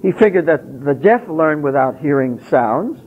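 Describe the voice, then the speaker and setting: Husky high-voiced man lecturing. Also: expressive, measured pace. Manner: emphatic, asks rhetorical questions and answers them. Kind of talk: public lecture. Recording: tinny lo-fi phone-like recording.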